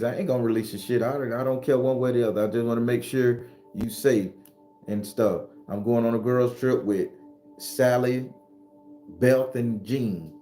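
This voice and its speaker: A man's voice: mid-range voice, normal speed, soft background music. Blunt profane man on a live stream. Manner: blunt, profane, animated, greets viewers by name. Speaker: host. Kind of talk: casual live-stream talk.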